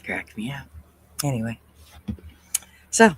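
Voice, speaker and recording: Easygoing stream host, slow and relaxed, friendly greetings, mid pitch, dead-dry room. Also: noisy background. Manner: relaxed, chatty, greets viewers by name. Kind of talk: casual livestream chat greeting viewers.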